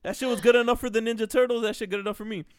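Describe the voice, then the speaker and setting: A young man telling a story on a podcast, animated and profane, acting out the quotes loudly. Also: very high-pitched, very fast, smooth, no room sound, studio quality. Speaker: podcast host. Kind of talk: casual storytelling.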